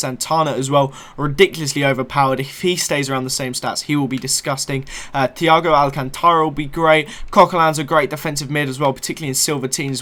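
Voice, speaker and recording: A man's voice: a little high, fairly bright tone. A young man giving casual, upbeat commentary on a football video game squad, often correcting himself as he goes. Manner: chatty, self-correcting, upbeat. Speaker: gaming YouTuber.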